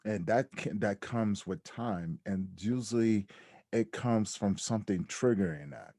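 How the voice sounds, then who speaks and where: Male podcast guest, low and mellow, reflective storyteller, dry close sound. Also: a little slow, no echo. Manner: reflective, animated when quoting others. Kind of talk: candid storytelling interview.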